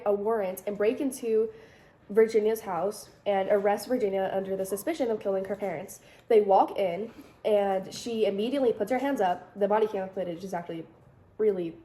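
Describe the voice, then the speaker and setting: A woman's voice: medium pitch, warm tone, rough recording. A young woman hosting a podcast, retelling a true crime case casually and acting out the quoted people. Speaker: podcast host.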